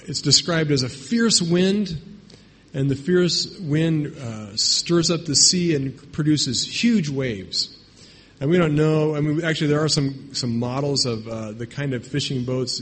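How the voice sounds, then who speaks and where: This male pastor preaches in a talky style, often asking "right?" and starting phrases over. His medium-pitched voice is a bit bright and husky, heard with long hall reverb.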